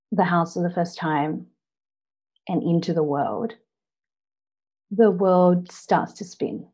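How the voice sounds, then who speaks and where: An Australian woman in her thirties giving an earnest personal story speech, often pausing on "now" to set up the next part. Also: lowish voice, darkish tone. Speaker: public speaker.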